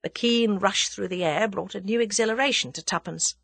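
A woman's voice: mid-range voice, fairly quick, vocal fry, few pauses, a bit bright, no echo. A woman reading a novel aloud as an audiobook narrator, telling the story expressively. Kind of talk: scripted narration.

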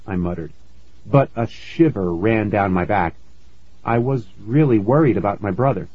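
A man narrating a first-person story in a measured storytelling manner, on a dull, lo-fi recording. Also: fairly low pitch, animated, husky. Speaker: audiobook narrator.

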